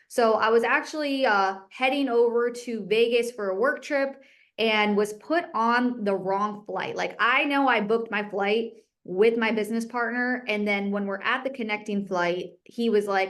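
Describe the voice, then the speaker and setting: A young adult woman gives a motivational talk as a guest speaker. She is candid and energetic, telling her own story straight to the group. Her voice sits at an ordinary middle pitch. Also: moderate pace. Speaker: guest speaker, real estate agent.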